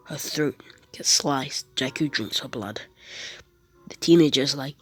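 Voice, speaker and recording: A woman's voice: deep voice, measured pace, fairly bright tone, husky, no echo. A woman with a cold casually narrating a fan fiction story, often half-whispering. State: congested from a cold.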